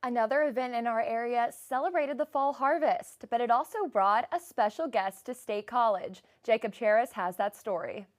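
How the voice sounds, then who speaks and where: A young woman reading the news as anchor in a crisp, even way. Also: on the high side, moderate pace, hardly any pauses. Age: young adult.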